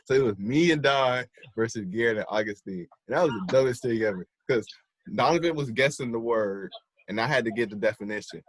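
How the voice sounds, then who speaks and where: A young man co-hosting a podcast, telling animated stories about school and acting out his old teachers. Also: medium pitch, a little fast, no room sound. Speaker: podcast co-host. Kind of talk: casual chat.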